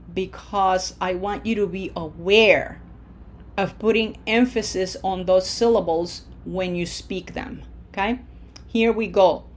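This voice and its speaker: A woman teaching a recorded Spanish lesson, patient and encouraging, modeling words slowly for learners to repeat and checking in with frequent okays. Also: medium pitch. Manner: slow, patient, drills with repetition.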